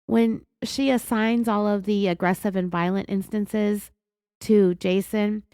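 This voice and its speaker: A woman with a California accent hosting a true crime podcast, raspy from being sick, telling the story in an indignant, sarcastic way. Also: mid-range voice, a little mellow, no room sound, studio quality. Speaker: podcast host.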